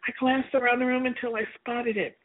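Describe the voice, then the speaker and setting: A woman's voice: on the high side, little pitch movement, fairly quick. A woman earnestly reading aloud from her own memoir, telling it with emotion. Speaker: author reading her book. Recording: tinny phone-like sound.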